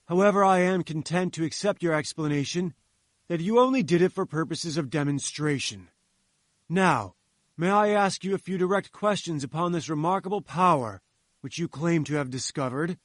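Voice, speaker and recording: A hot-tempered bearded male professor who orders people about in a pompous, commanding way, as a man reads him. His voice is raised and pitched high. The recording is dry. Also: moderate pace, no echo, natural voice.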